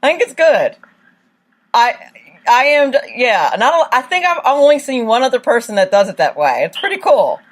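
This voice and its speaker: A woman's voice: a little high, very animated, brisk. A woman hosting her own online show, chatting casually, laughing often and saying "right" a lot. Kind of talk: casual interview chat.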